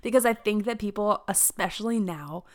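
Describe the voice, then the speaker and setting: A woman with a light Southern accent hosting a faith podcast, talking in a soft, soothing, relaxed way. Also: mid-range voice, normal speed. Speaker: podcast host. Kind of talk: casual faith podcast chat.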